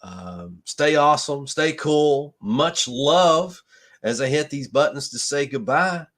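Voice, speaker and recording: A man's voice: a little high, lively intonation, takes it slowly, fairly bright tone. A man hosting a live stream, chatting casually with many restarts and fillers, ending on earnest, motivational sign-offs. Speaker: livestream host. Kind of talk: casual livestream chat.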